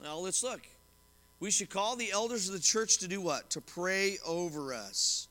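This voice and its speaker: A middle-aged man preaching in a church, his voice high and bright for a man. He talks fast and chatty, stopping to reassure his listeners, and a long reverb hangs on his words in the sanctuary. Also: expressive. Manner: fast-talking, conversational, reassuring asides to the congregation. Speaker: pastor. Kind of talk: sermon teaching from scripture and commentary.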